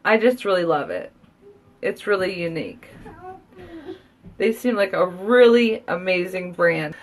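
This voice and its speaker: A mother with a lowish voice, big pitch swings, and a measured pace rambles happily through a live beauty review from home while children are heard downstairs. The recording has a little hiss or hum.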